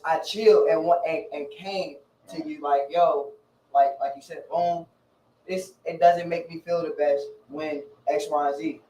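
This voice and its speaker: A man co-hosting a podcast, talking in a reflective, halting way with some profanity in casual chat. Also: on the high side, steady tone, mellow, roomy sound, recorded from a distance, poor audio. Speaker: podcast co-host.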